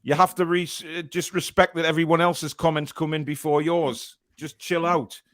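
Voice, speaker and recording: A male host with a slightly high voice runs a casual live stream. He reads out viewer comments and scolds chatters in a jokey, mock-exasperated way. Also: steady tone, normal speed, a bit bright. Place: home studio chair.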